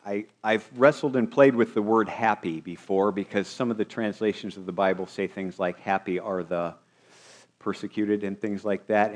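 A man's voice: on the low side, darkish tone. A man preaching a sermon as pastor, asking his congregation rhetorical questions.

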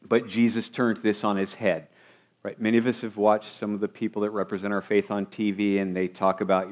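Low-voiced male pastor preaching. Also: little pitch movement, a little fast, darkish tone. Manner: preaching with rhetorical questions to the congregation. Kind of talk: sermon.

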